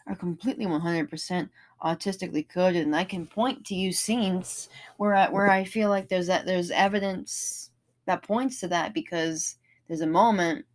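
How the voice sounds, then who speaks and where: Woman, vlogger, low-pitched voice, earnest, enthusiastic, rambling casual monologue.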